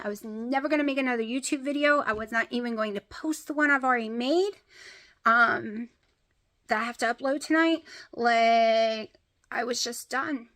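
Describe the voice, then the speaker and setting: A woman's voice: on the high side, sharp tone. Emotional woman vlogging. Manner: emotional, rambling, addresses viewers as y'all. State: close to tears. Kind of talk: casual vlog chat. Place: at home.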